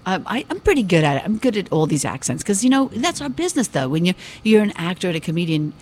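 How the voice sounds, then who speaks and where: A middle-aged woman with a British accent, chatting as a comedian guest. She is theatrical and quick-witted, and she slips into voices. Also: on the low side, big pitch swings, a little mellow. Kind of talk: casual chat.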